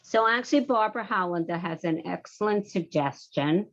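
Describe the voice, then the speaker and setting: A woman moderating a question-and-answer webinar, measured and soft-spoken. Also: on the low side, animated, lo-fi sound.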